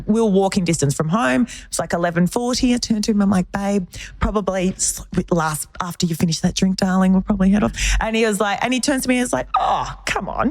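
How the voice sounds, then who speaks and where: A woman in her thirties hosts a podcast and tells a story in a relaxed, chatty way, swinging her voice up and down as she acts out every quoted line. Her pitch sits in an ordinary middle range between those jumps. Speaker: podcast host. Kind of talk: casual chat, storytelling.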